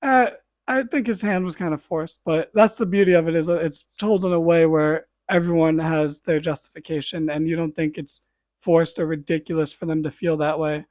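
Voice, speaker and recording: A man's voice: on the high side, normal speed, dry recording. Man animatedly recapping, dry close sound. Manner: animated play-by-play retelling with asides and swearing. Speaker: podcast host. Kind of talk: casual wrestling recap.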